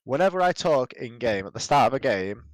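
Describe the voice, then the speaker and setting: A man's voice: medium pitch, very animated, brisk, no echo, low-quality recording. A young British man co-hosting a casual gaming podcast, telling stories in an easygoing way. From Britain. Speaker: podcast co-host.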